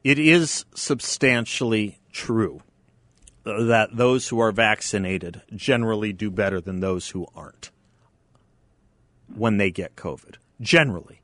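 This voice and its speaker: Male radio host, lowish dry voice, emphatic, repeats himself for effect. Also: measured pace, fairly bright tone, no echo. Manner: emphatic, repeats key phrases. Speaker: radio talk show host. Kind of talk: talk radio conversation. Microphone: studio microphone.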